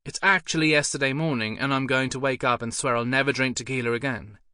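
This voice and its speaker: A man voicing a chatty, dramatic young male ex-model turned booker with a softened South London accent. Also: mid-range voice, steady tone, fast talker, smooth, no room sound, clean studio sound, lightly acted. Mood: rueful.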